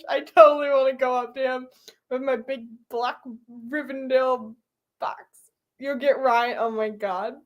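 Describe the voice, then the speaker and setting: A young woman streaming live, chatting casually with her viewers, giggly and full of fillers. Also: high-pitched.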